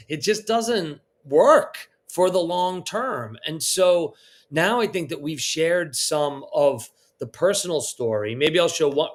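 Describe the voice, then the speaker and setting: A man, a restaurant founder on a live panel, speaking in a conversational, reflective way. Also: on the high side.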